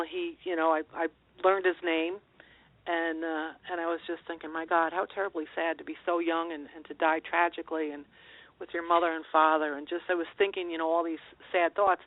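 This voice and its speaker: A middle-aged woman, a guest on a call-in interview, telling personal stories in an earnest, meandering way. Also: fairly low pitch. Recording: tinny phone line, dry.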